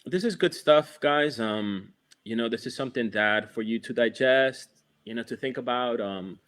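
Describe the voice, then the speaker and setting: A man's voice: medium pitch, moderate pace, a bit bright. A man who works as a dog trainer, talking in a casual chat in a reflective, loose, laid-back way with many restarts.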